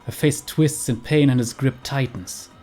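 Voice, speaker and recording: A man's voice: medium pitch, steady tone, moderate pace, dark tone, soft background music. A man, a let's player reading game text aloud in a tense, urgent way. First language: German.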